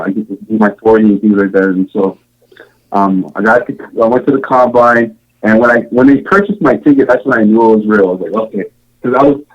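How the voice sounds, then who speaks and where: Lo-fi audio captures the Samoan man's voice, which sits on the low side. A podcast guest and former show contestant, he wanders through his story casually, often restarting and leaning on fillers.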